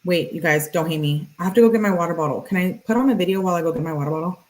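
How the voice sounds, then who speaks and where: A woman hosting a true-crime video, reading text messages aloud in a flat, matter-of-fact voice with casual asides. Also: on the low side, very fast, low-quality recording.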